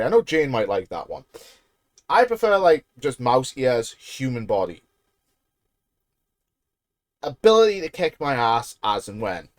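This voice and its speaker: A man's voice: medium pitch, no echo, clean studio sound. A British man casually chatting on a live stream while building a PC, rambling and joking at his own expense. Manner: joking, rambling, self-deprecating.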